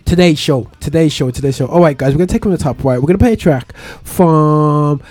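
A man's voice: fairly high pitch, a little fast, darkish tone, soft background music. A man hosting a radio show in casual chat, playful and rambling, full of slang and restarts.

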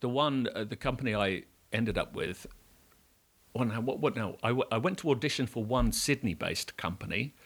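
A middle-aged man with an English accent, chatting casually as an interview guest, halting with many restarts and casual swearing. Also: medium pitch, expressive, husky. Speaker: actor and guest.

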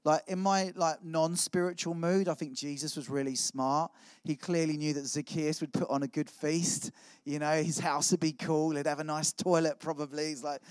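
A man's voice: fairly high pitch, fairly even intonation, normal speed, darkish tone, dry recording. Chatty, self-mocking male preacher. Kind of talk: sermon with personal testimony.

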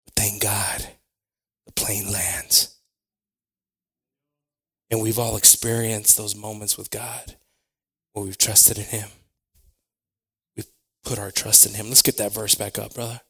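A man preaching a sermon to his congregation, moving between quiet prayer, personal stories told with acted asides, and loud, shouted preaching. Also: on the low side, little pitch movement, takes it slowly, long pauses, slightly rough. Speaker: pastor.

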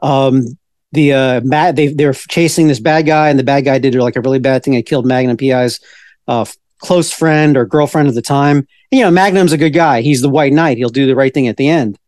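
A man in his forties co-hosting a casual pop-culture podcast, telling stories in an excitable, rambling way with many restarts. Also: medium pitch, brisk, no room sound, clean studio sound. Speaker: podcast co-host.

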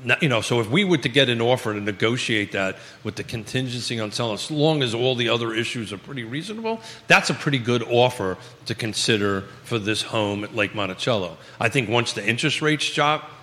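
A man's voice: medium pitch, animated, a little fast, few pauses, sharp tone, long reverb tail. A man with a Virginia accent hosting a live real estate talk show, folksy and repetitive, calling himself Batman. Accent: American Virginia. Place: local live broadcast studio.

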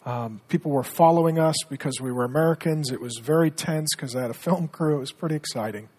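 Husky middle-aged male pastor; earnest sermon delivery with hushed storytelling. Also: on the high side, fast. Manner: earnest, drops to a hushed tone when telling stories.

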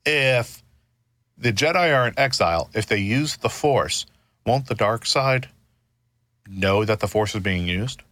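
Bright-voiced man explaining at length. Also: fairly low pitch, unhurried, long pauses, no echo. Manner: earnest, explains at length with many restarts. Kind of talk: casual discussion.

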